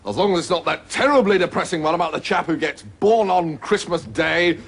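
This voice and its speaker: An actor playing a foppish, dim-witted young prince with a plummy, guffawing voice, in 1980s sitcom style. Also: male voice, on the high side, brisk, breathy edge. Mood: jolly.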